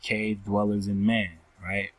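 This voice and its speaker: Man teaching scripture, slow delivery, husky low voice, keeps asking "right?". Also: little pitch movement, no echo, low-quality recording. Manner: ends almost every phrase with a questioning "right?"; slow, repetitive, addresses listeners as family. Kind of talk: reading and explaining scripture verses.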